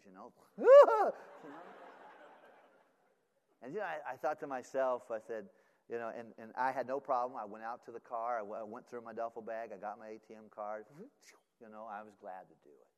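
A middle-aged man preaching, telling a story with many fillers and restarts and acting out the other voices. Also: medium pitch. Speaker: pastor. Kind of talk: sermon storytelling. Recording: long hall reverb.

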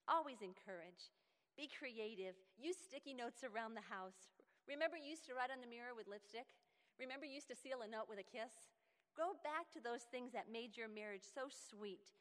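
A woman giving a sermon-style talk to other women, animated and often laughing, acting out quoted lines. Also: fairly high pitch, big-room sound. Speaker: speaker at a women's gathering.

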